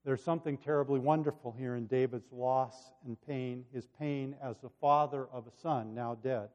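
A man preaching a sermon, reading scripture with dramatic delivery and then reflecting quietly. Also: mid-range voice, steady tone, moderate pace. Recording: dull sound with long hall reverb.

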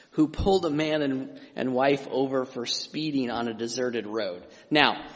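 A middle-aged man preaching a sermon as pastor, conversational and emphatic, with frequent restarts and asides. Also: mid-range voice. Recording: long hall reverb.

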